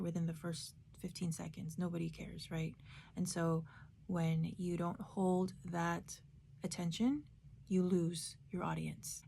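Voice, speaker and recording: A woman's voice: lowish voice, gravelly, darkish tone, a little hiss or hum. A woman giving a casual spoken book review, reflective and thinking aloud with tag questions.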